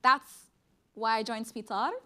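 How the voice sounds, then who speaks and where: Young woman from Sudan, poet and speaker at a conference, emphatic and rhythmic, voice on the higher side. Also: moderate pace, fairly bright tone. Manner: earnest, emphatic, rhythmic delivery. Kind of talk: conference speech and spoken-word poetry. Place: conference stage before an audience.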